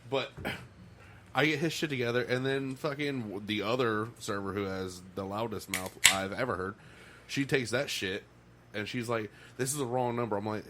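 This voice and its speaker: A man chats loosely and swears freely, often laughing as he jumps in. His voice is mid-pitched, with faint noise under it. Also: normal speed, fairly bright tone. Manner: laughing, profane interjector. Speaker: podcast co-host. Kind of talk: casual chat.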